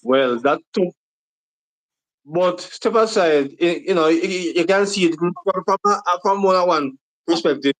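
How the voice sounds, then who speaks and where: A man's voice: high-pitched, measured pace, poor audio. A man with a Jamaican accent, co-hosting and agreeably reacting to a speech in casual chat.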